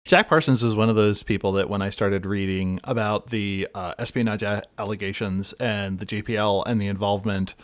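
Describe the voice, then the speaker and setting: A man hosts a podcast in easy conversation, feeding his guest questions. His voice sits fairly low. The sound is dry and close. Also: fairly even intonation, brisk, hardly any pauses, no room sound. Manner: conversational, asks prompting questions. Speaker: podcast host. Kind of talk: casual chat.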